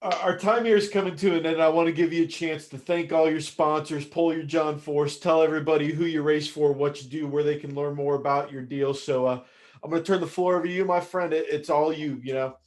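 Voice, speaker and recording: A man's voice: fairly high pitch, steady tone, darkish tone. A man hosting a podcast, asking questions and joking in casual interview chat. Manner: friendly, joking, quick asides. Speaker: podcast host.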